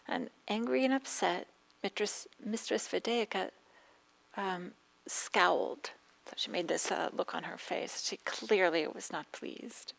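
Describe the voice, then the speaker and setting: A woman meditation teacher giving a dharma talk, speaking gently with pauses and a slightly scratchy throat. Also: medium pitch, vocal fry. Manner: gentle, soft-spoken with frequent pauses and fillers.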